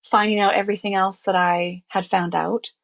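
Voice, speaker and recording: A woman speaks as an interview guest, recounting a deeply personal story in a candid, earnest way. Her talk is loose and conversational, scattered with "you know" and "I mean." She sounds emotionally close to what she describes, as if reliving it while she speaks. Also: level tone, moderate pace, gravelly. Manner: emotional, reliving events as she tells them.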